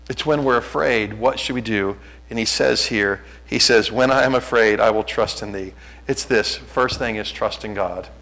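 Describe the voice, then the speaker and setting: A man's voice: medium pitch, creaky, a bit bright, low-quality recording. A middle-aged man preaching a sermon as a pastor, conversational and self-deprecating, often restarting his sentences.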